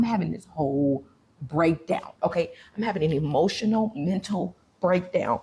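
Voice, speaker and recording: Woman, low voice, casual vlog storytelling, animated, talkative. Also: moderate pace, slight background noise. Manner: chatty, animated, many fillers. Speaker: vlogger.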